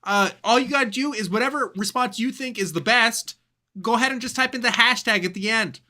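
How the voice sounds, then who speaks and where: A man's voice: very high voice, a little fast, bright, forceful tone. A man hosting a livestreamed comedy game show, playful and laughing often as he reads out answers and scores.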